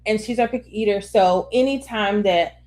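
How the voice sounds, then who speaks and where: A woman in her thirties co-hosting a podcast, telling stories in an animated, laughing way. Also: mid-range voice, normal speed. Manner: animated storyteller, laughs through her words. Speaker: podcast co-host. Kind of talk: casual podcast chat.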